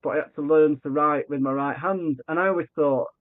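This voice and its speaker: A man's voice: on the high side, fairly quick. Man on a tinny remote line. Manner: animated, acts out quoted dialogue, frequent restarts. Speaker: podcast guest. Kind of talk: conversational storytelling.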